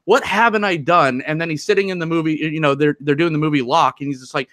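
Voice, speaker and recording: A man's voice: a little high, steady tone, quick pace, fairly bright tone, no echo, studio quality. A man co-hosting a podcast in casual chat, rambling, restarting his sentences and joking as he goes. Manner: rambling, self-interrupting and joking. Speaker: podcast co-host.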